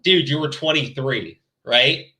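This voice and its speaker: A man hosting a commentary podcast, chatting casually and profanely, animated and mocking as he quotes others. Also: mid-range voice, a little slow.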